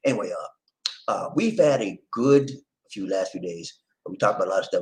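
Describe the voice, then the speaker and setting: A man's voice: deep voice, animated, a little fast, rough recording. A man hosting a casual livestream, chatting with viewers, laughing and giving sing-song introductions. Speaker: livestream host.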